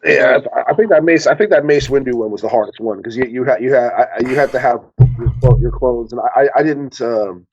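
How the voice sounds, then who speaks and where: A man's voice: medium pitch, fairly quick, few pauses, darkish tone, breathy edge, muffled recording. A man on a casual live Q&A panel, rambling with many stammered restarts. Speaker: panel guest.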